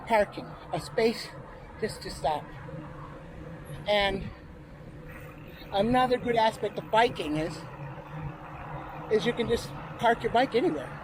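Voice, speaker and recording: Man vlogging on his bike outdoors, high voice, chatty, loud outdoor noise behind him. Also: lively intonation, slow pace, long pauses. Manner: chatty, narrating as he rides. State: out of breath at times. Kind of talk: casual talk while cycling.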